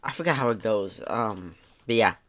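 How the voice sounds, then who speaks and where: A man's voice: lowish voice, moderate pace, fairly bright tone, no room sound. A man giving laid-back, sarcastic commentary as he reads out online messages, swearing casually and mocking what he reads. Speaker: YouTube commentator.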